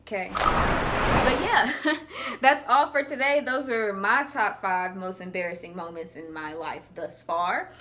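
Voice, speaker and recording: A young woman tells an embarrassing story to her vlog audience. Her voice is bright and forceful, pitched a little high, and she jumps into a different voice for each person she quotes. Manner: animated, acts out quotes in voices. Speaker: vlogger.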